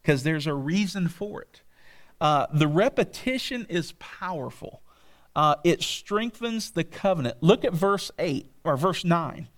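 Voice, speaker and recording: A man's voice: fairly high pitch, expressive, a little slow, fairly bright tone. A middle-aged man preaching a sermon, telling folksy stories and checking in with listeners with frequent asides. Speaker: pastor.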